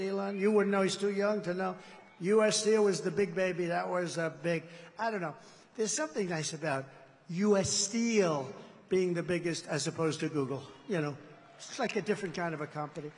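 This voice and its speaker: A man with a high-pitched voice delivers a rambling, boastful rally speech. He drifts from point to point in a digressive way. His words ring out with a long reverb through a large indoor arena. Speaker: political candidate.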